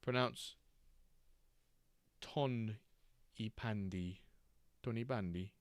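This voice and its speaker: A man's voice: on the low side, extremely slow, clear, resonant tone, dry recording. A man hosting a live stream, chatting casually and joking as he reacts to chat and the games.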